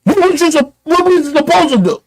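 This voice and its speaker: A man with a strikingly high-pitched voice delivers a heated commentary rant. He talks bluntly and profanely, hammering his points with rhetorical questions. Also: lively intonation, a little fast, a little hiss or hum, rough recording. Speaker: online commentator.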